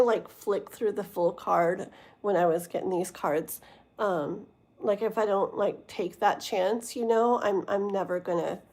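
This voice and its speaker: A woman's voice: medium pitch, darkish tone. A young adult woman doing a tarot reading on a livestream, casually chatting with viewers and filling her speech with "like" and "you know.". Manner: reads chat messages aloud and greets viewers by name. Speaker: tarot reader and livestream host.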